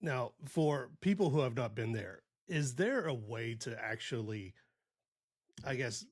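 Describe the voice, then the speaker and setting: A male interview host asks his questions slowly and deliberately. His pitch sits in the middle range, and his manner is measured and thoughtful. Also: lively intonation.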